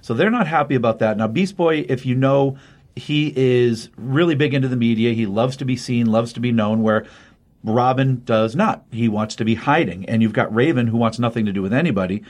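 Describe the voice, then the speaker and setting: A man's voice: mid-range voice, fairly quick, a little mellow. Man casually recapping comics. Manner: rambling, self-correcting recap. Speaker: comic book podcast host. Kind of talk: casual spoken review.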